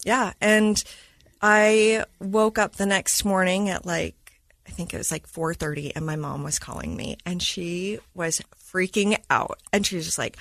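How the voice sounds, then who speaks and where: A woman's voice: lowish voice, moderate pace, no room sound. Woman vividly retelling a personal story. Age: adult mother of school-age kids. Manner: lively retelling that acts out quoted dialogue. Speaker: guest. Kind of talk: personal storytelling in a podcast interview.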